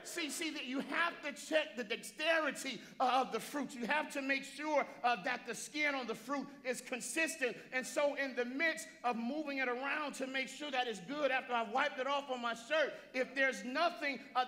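A pastor preaching a sermon in a church, repeating phrases and calling out to listeners by name. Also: male voice, extremely high pitch, sharp tone. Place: church sanctuary.

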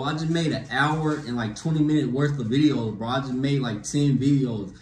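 A young man ranting to camera with dating advice, animated and slangy, tossing in "bro" after nearly every phrase. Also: medium pitch, normal speed. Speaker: vlogger giving dating advice. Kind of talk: casual rant to camera. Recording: echoey room with faint ambience.

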